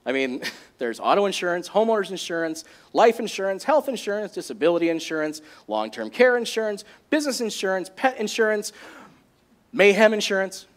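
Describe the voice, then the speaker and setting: A man preaching a sermon as a pastor, in a jokey and animated way. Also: high voice, brisk.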